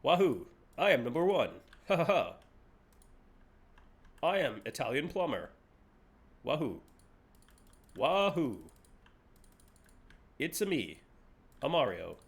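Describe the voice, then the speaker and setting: A man voicing a goofy, boastful male Italian plumber in a clumsy put-on impression, lower and softer than his own voice. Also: big pitch swings, takes it slowly, gravelly, pauses often, slightly rough, heavily acted.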